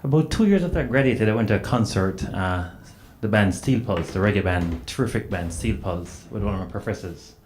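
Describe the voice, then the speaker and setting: A man with a Jamaican accent tells stories at a panel, in a rather low voice with an animated, filler-laden delivery. His voice sounds roomy, as though heard in a hall, over a faint background hiss. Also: brisk, few pauses. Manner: animated storyteller, frequent "you know" fillers. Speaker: panelist author. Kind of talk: anecdotal storytelling on a panel. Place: event hall at a book festival panel.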